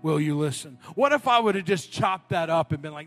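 A man's voice: on the high side, lively intonation, a little fast, hardly any pauses, a bit bright, dry recording, faint music behind. A man preaching a sermon, telling a personal story and building to passionate appeals.

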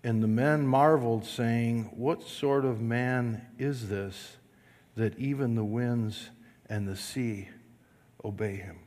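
A man preaching a sermon, slow and emphatic, calling on the congregation to repeat lines after him. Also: mid-range voice, a little mellow. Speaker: pastor. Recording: long reverb of a large hall.

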